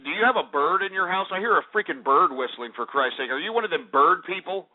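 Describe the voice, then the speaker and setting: A man with a high voice hosting call-in talk radio. He rants and hurls abuse at his callers. The sound is narrow and phone-like. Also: expressive, fast. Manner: abrasive, insulting ranting at callers. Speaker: radio talk show host.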